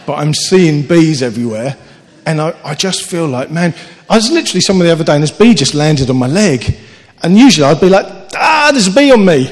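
A man preaching a sermon, earnest and animated, telling stories with sudden lifts in his voice. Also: fairly high pitch, fast. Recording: long hall reverb.

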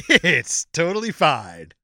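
Bright, animated podcast co-host man. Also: fairly high pitch, slow pace, no room sound, clean studio sound. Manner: joking, reads out reviews with laughs. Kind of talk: casual chat.

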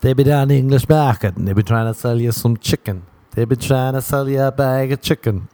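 A man putting on his friend's slangy way of talking, with sing-song, clipped grammar at a slow pace. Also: medium pitch, dark tone, no echo, close to an everyday voice. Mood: mocking. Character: man mimicking his mate's slangy market talk.

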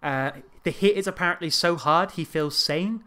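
A relaxed podcast co-host chatting about a movie at a middle pitch. The talk is hesitant and full of fillers, easygoing rather than forceful. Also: moderate pace. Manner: laid-back, hesitant, many fillers. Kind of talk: casual film discussion.

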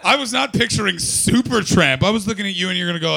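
A man's voice: sits high, fast talker, gravelly, bright, forceful tone. A man doing stand-up, brashly and profanely teasing the audience in crowd work. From not from Britain. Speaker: stand-up comedian.

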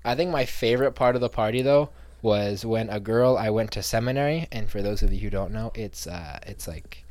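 A man's voice: on the low side, a little fast, darkish tone, no room sound. Chatty young man telling stories. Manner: chatty storyteller, acts out quoted voices. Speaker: podcast co-host. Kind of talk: casual chat.

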